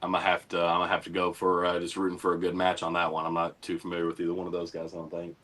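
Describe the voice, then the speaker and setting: A man's voice: low-pitched, completely flat delivery, rapid-fire, fairly bright tone. A man co-hosting a casual wrestling chat, joking and teasing the others. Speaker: co-host.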